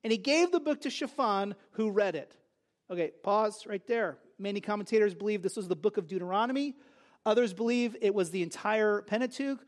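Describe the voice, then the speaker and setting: Bible teacher, man, higher voice, chatty and lively, talks through verses conversationally. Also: a little fast. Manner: conversational, animated, asks and answers his own questions.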